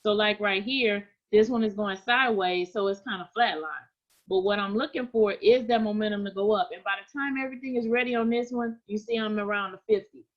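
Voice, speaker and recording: A woman's voice: mid-range voice, fairly quick, highs cut off. A woman teaching forex trading in a live stream, talking conversationally, repeating her points and often checking in with "right?". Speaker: trading coach.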